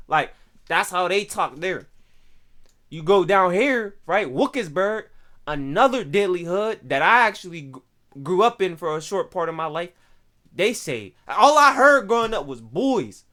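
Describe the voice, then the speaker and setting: Bright and forceful, this young man's high voice moves with lively intonation at a normal pace. Speaking with a Pittsburgh accent, he explains things to stream viewers in loose street slang, frequently adding "right?".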